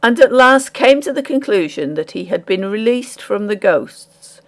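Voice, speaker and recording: Slow gravelly woman narrator. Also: mid-range voice, animated. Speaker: audiobook narrator. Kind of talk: scripted narration.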